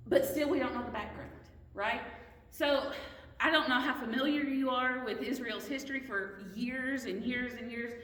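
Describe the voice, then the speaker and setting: A woman's voice: medium pitch, fairly bright tone. A woman teaching a Bible study lesson, earnest and questioning, often restarting her sentences. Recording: roomy hall echo, mic at a distance.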